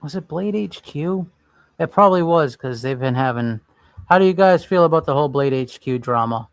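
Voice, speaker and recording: Male stream host, slightly high voice, rambling casual chat. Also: lively intonation, moderate pace, no room sound. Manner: rambling, thinks aloud while browsing. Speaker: livestream host.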